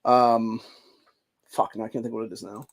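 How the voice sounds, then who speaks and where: A man's voice: mid-range voice, steady tone, moderate pace, a little hiss or hum. A young man hosting, ranting angrily and profanely, peppering his talk with dude and bro. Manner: profane, heated, heavy filler words like dude and bro. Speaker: commentary host. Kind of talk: angry political rant.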